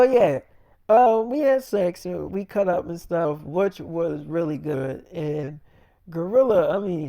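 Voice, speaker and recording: A man's voice: high-pitched, vocal fry, warm tone, no echo, studio quality. A man telling a rambling freestyle story in casual slang, cursing freely.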